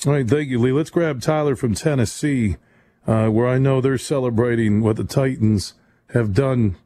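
A man's voice: mid-range voice, mellow. Opinionated sports radio host, man. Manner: fast, conversational, opinionated. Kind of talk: late-night sports call-in show. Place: radio studio.

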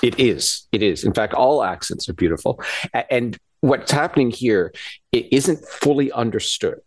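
A man speaking as a guest scientist in a radio interview, explaining ideas in a halting way with frequent restarts and repeated words. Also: mid-range voice. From Canada.

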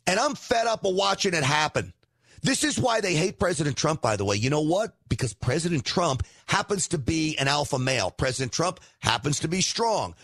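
A man's voice: on the high side, husky, dry recording. A middle-aged man hosting a political show, delivering an emphatic, indignant opinion monologue. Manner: emphatic, indignant, rising to near shouts.

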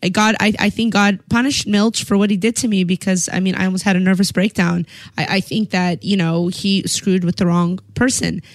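A woman telling a long personal story in casual chat, animated and full of fillers like "like". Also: mid-range voice, a little fast, dry recording. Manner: animated, chatty, lots of "like" and repeated words. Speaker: guest telling her story.

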